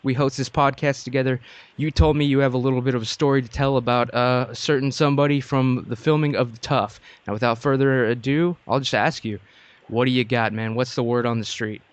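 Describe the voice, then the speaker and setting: A man's voice: mid-range voice, steady tone, brisk, no room sound, dull audio. A man hosting a comedy podcast, with a jokey, mock-grand announcer delivery. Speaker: podcast host.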